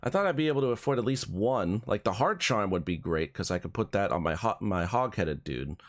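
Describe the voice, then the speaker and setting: A man streaming a card game, chatting casually with a friend while he plays and laughing often. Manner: animated, quick swings in pitch, laughs often. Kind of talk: casual gameplay commentary with banter.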